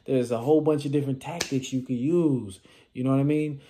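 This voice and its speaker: Casual, darkly mellow man giving advice. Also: medium pitch, a little fast, a little hiss or hum. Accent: Californian. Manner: animated, acts out little scenes and quotes. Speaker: vending machine business vlogger.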